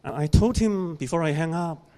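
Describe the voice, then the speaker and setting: A man preaching a sermon in a church, telling a story in a slow, deliberate way and putting questions to the congregation. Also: a little high, mellow. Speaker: pastor.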